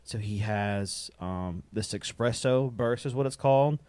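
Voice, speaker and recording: A man's voice: on the low side, unhurried, darkish tone, smooth, dry recording. A man in casual chat, rambling as he tells a story and acts out the dialogue he quotes. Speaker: drummer and guest.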